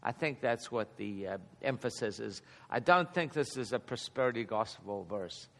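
A man in his fifties teaching a Bible passage in a relaxed, conversational way, chuckling often and getting animated at key points. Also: mid-range voice, normal speed, vocal fry. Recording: long hall reverb.

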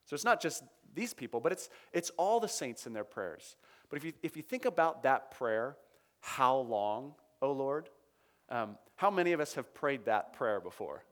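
A man's voice: a little high, very animated, moderate pace. A man preaching a sermon, teaching through scripture in a conversational way, reading verses aloud with emphasis and checking in with his listeners.

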